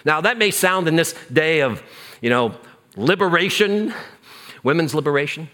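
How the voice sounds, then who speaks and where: Lively, bright-voiced preaching man. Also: a little high, moderate pace. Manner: emphatic preaching with repetitions, dropping to a hush on key phrases. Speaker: pastor. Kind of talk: sermon.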